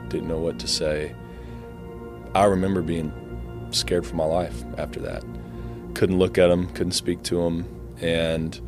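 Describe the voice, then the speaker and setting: A young man telling his life story in a quiet, halting way. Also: low-pitched. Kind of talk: personal testimony, told plainly.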